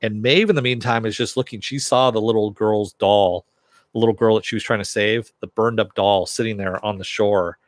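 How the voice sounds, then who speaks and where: A man's voice: fairly low pitch, fairly even intonation, a little fast, no room sound, clean studio sound. Chatty man recapping a TV episode. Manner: chatty, chuckling, acts out characters' lines with raised voice. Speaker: TV episode reviewer.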